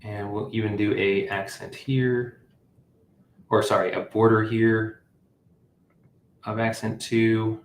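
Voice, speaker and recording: A man's voice: fairly low pitch, little pitch movement, takes it slowly, long pauses, roomy sound, slight background noise. A man hosting a live app-building stream, thinking aloud with fillers and self-corrections as he works. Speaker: livestream host building an app. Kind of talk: casual live coding walkthrough.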